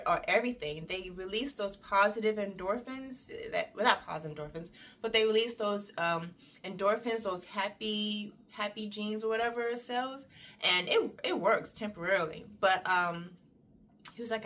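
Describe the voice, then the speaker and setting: Woman, young adult, casual storytime, chatty, animated, mid pitch. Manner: chatty, animated, acts out quotes. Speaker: storyteller vlogger.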